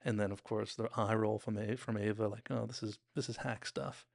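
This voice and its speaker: A man's voice: lowish voice, steady tone, fairly quick, creaky. A young man casually retelling and analysing a TV episode, rambling with fillers and restarts. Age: young adult. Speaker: show recap host.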